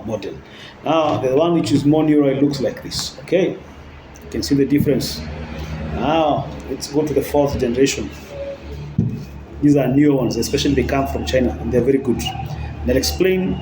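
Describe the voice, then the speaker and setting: A hybrid battery technician demonstrating cells to viewers and checking in often with "okay?". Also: male voice, medium pitch, echoey room, noisy background. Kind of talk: hands-on explanatory demonstration.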